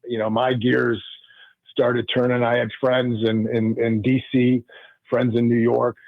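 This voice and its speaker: A man, a former pro football player, telling his story as a radio guest, earnest and halting with many restarts. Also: mid-range voice, flat delivery, creaky, no echo. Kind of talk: casual radio interview storytelling. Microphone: phone call. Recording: tinny dry phone line.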